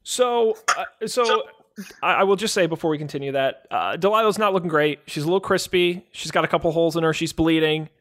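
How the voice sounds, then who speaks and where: A man's voice: a little high, a bit bright. A man narrating as game master of a tabletop game, casual and joking. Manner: casual, joking, quick asides.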